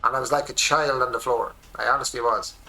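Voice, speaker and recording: A gravelly, sharp-edged Irish man in his forties chats away as he streams a game from his home desk. He rambles excitably through his stories, with faint game engine noise running underneath. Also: mid-range voice, a little fast, rough recording. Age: 40s. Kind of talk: casual gameplay commentary.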